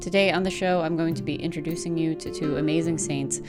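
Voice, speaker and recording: Low-voiced chatty woman host. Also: fairly even intonation, fast, music in the background. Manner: chatty, warm-hearted, with soft laughs and fillers. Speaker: podcast host. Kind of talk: casual chat. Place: home.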